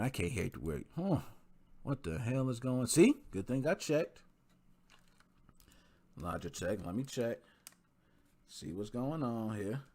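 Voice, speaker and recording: A young man hosting a gaming podcast, chatting casually and joking in a slangy style, talking straight to his listeners. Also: sits low. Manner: animated, slangy and joking, talks to listeners directly. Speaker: podcast host.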